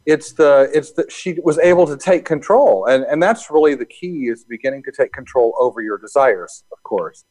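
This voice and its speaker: A man interviewed as a hypnosis and NLP coach, explaining his work in a calm, easygoing way. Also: medium pitch, normal speed, few pauses. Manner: calm, explanatory, laughs easily. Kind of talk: casual interview talk.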